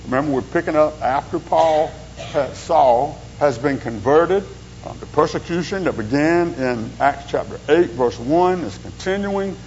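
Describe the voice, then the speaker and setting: A man's voice: a little high, lively intonation, unhurried, a little mellow. A man preaching an informal sermon as a pastor, telling stories in a folksy, rambling way with joking asides. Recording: dull lo-fi sound with faint hum.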